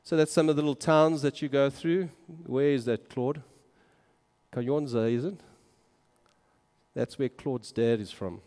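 A minister on a mission trip narrates travel photos, casual and enthusiastic, often exclaiming. His mid-range voice is a little slow and a little mellow, and the recording carries a long hall reverb.

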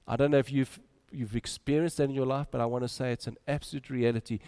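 A man preaching a sermon, moving between loud urging and quiet, soft drops. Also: medium pitch, steady tone, fast talker, smooth.

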